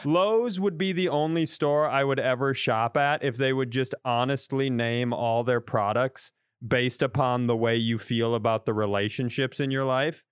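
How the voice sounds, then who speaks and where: A man's voice: medium pitch, normal speed, few pauses, smooth. A man co-hosting a comedy podcast, telling stories with frequent laughter into a close studio mic. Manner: giggly, animated storytelling. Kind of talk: casual comedic chat.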